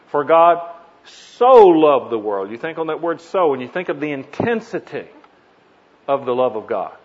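A man delivering a teaching sermon in an earnest voice that sits a little high for a man. He stresses single words with sudden emphasis. The recording sounds dull and lo-fi. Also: breathy edge. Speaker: preacher. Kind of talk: teaching sermon on Bible meditation.

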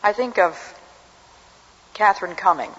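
A woman's voice: medium pitch, expressive, measured pace, fairly bright tone, breathy edge. An older woman giving an earnest, reflective personal testimony as a speaker. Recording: dull recording with long hall reverb.

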